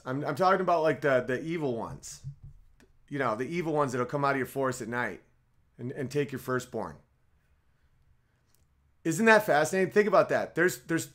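A man's voice: medium pitch, fairly bright tone. A man hosting a podcast livestream in a casual comedic monologue, rambling with stammered restarts and side jokes. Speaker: podcast host.

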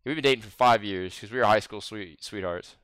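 A man's voice: on the low side, fairly quick, a bit bright, clear, resonant tone, no echo, clean studio sound. A man in his twenties with a Southern American accent, streaming and chatting casually with friends, rambling, swearing and laughing often. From Southern United States. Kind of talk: casual gaming voice chat.

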